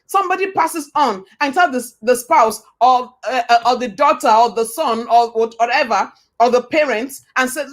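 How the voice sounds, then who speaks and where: A woman with a fairly high voice delivers a motivational talk. She hammers each point home by repeating it and throwing rhetorical questions at the listener. Her delivery has a preacher's cadence. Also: lively intonation, moderate pace, few pauses, fairly bright tone. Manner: emphatic and repetitive, with rhetorical questions; preacher-like, quotes scripture. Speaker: motivational speaker.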